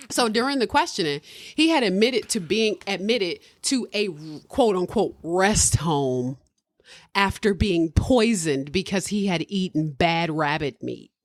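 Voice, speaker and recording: A woman's voice: medium pitch, lively intonation, measured pace, dry recording, clean studio sound. A woman hosting a podcast, casually retelling a true-crime case with slangy asides. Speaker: podcast host.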